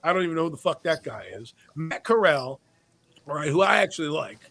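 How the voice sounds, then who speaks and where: A man's voice: on the high side, expressive, brisk, gravelly, a bit bright. A man hosting a casual sports podcast, opinionated and blunt, swearing freely as he gives his predictions. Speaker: podcast host.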